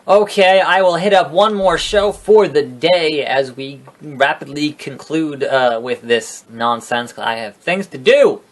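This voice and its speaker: A man's voice: fairly high pitch, unhurried, few pauses. Rambling, sarcastic young man gaming. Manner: rambling, sarcastic, swears and trash-talks game characters. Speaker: gaming video host. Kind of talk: casual let's-play commentary.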